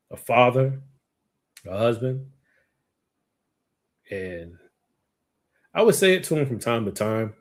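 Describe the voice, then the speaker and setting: A man hosting a livestream memorial, speaking haltingly through grief with many pauses, over a video call. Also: medium pitch. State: grieving, near tears. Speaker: show host. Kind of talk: emotional memorial tribute.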